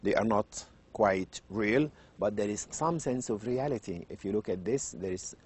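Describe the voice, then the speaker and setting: A middle-aged man with an Arabic accent, lecturing in English on children's literature, animated and fond of rhetorical questions, raising and lowering his voice for emphasis. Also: normal speed, slight background noise. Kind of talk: university lecture.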